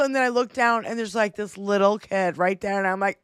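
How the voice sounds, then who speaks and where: A woman co-hosting a livestream, telling a story loudly and profanely in casual chat over a computer mic. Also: mid-range voice, a little fast, smooth, no echo, clean studio sound. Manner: loud, profane, animated retelling. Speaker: livestream co-host.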